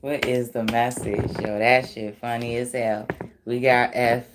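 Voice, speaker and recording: A woman's voice: a bass voice, little pitch movement, a little slow, noisy background. A woman giving a casual tarot reading, blunt and profane, laughing often as she talks. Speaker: tarot reader.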